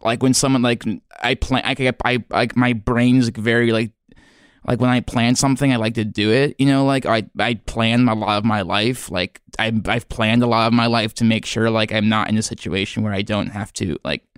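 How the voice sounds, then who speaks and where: A man hosting a podcast in a rambling comedic monologue, halting and earnest, full of fillers and restarts, sounding self-doubting. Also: medium pitch, fairly even intonation, clear, resonant tone, no echo, clean studio sound. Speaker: podcast host.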